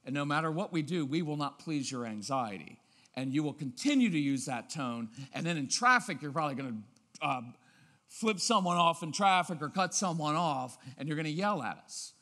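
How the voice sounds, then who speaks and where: A man giving a lively talk on parenting, often acting out parents' voices and checking with the audience. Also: a little high, normal speed. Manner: lively, acts out parents' voices, keeps asking "right?". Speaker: parenting speaker. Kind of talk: animated seminar talk. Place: church auditorium. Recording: long reverb of a large hall.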